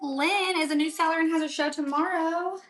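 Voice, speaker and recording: Her pitch is extremely high, her tone steady and fairly bright, and she talks fairly quickly. She's a livestream seller working at her home table during a casual crafting stream, chatty and reading viewers' comments aloud mid-task.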